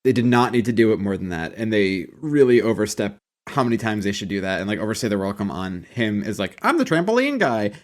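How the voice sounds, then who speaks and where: A man's voice: fairly low pitch, fairly even intonation, quick pace, few pauses, a little mellow. A man co-hosting a podcast, chatting casually and rambling about an old sitcom, swearing and laughing often. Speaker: podcast co-host. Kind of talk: casual chat about a TV show.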